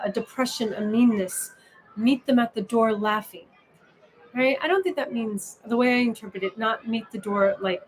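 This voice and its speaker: A woman giving a meditation talk as teacher, musing gently and often asking "right?". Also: a little high, low-quality recording. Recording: steady background noise.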